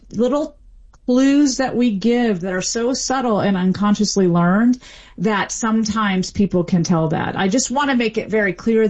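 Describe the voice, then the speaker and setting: A woman expert explaining how accents form, in a measured way with frequent fillers. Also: mid-range voice, a little mellow. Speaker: linguist guest. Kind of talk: expert interview answers.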